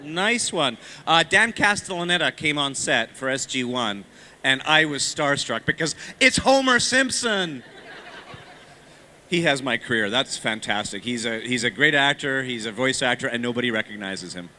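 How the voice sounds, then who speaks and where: A man's voice: medium pitch, moderate pace, few pauses, pushed and bright, a little hiss or hum. A man on a convention panel, joking and chiming in with quips. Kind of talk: casual chat.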